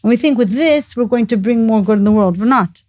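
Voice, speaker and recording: Earnest middle-aged woman, mellow voice. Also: fairly high pitch, a little fast, no room sound. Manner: earnest, storytelling, sprinkles Hebrew and Yiddish words. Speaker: guest, mother of the host. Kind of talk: casual conversation.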